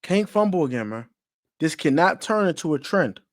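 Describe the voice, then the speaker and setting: Man, fairly high voice, casual sports rant, emphatic, repeats himself, slangy. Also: big pitch swings, moderate pace. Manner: emphatic, repetitive, gets louder as he goes. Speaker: sports commentator.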